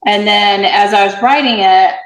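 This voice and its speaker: Woman guest, reflective conversational delivery, average pitch, roomy echo. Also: normal speed. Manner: reflective, with fillers and restarts. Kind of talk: casual conversation.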